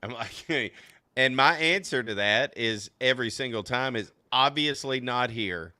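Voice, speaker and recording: A man from Louisiana hosts a laid-back podcast conversation, his voice bright and crisply clear. He talks excitably, laughing often and stumbling through quick restarts. The sound is dry and close, with no room around it. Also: mid-range voice, dry recording. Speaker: podcast host. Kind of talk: casual podcast chat.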